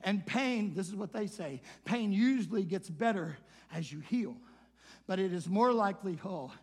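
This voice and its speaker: Older male pastor, very high voice, sermon, shouts then drops to a hush. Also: breathy edge, long reverb tail. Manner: swings from loud shouted preaching to hushed quiet passages.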